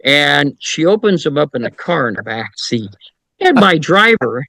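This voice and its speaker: A man's voice: on the high side, very animated, normal speed, gravelly, sharp tone, dry recording, low-quality recording. Dry-voiced middle-aged man telling stories. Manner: wry anecdotes with mild profanity. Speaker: paranormal investigator, podcast guest. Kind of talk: casual storytelling.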